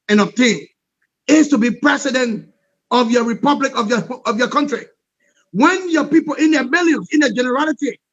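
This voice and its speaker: A man giving an impassioned political interview as a guest, forceful and repetitive, often asking "all right?". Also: extremely high pitch, no room sound, muffled recording.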